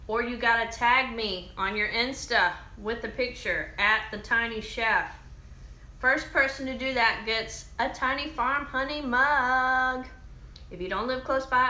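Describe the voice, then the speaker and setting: Excitable woman hosting a cooking demo. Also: on the high side, roomy sound. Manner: excitable, chatty, addresses viewers as y'all. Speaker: cooking show host.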